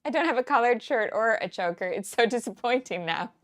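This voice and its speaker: A woman's voice: on the high side, lively intonation, fairly quick, dry recording, clean studio sound. A woman in her forties from the Kansas City area, chatting and telling rambling stories with frequent laughs while she scrapbooks live. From United States, Kansas City area. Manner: chatty, rambling storyteller who laughs often. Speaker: scrapbooking teacher and livestream host. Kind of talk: casual crafting livestream chat.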